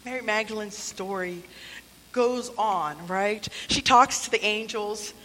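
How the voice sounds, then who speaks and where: A woman's voice: medium pitch, slow, a bit bright, slight background noise. A woman preaching a sermon in a church, conversational and playful, with asides and acted-out quotes. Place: church sanctuary. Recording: long hall reverb.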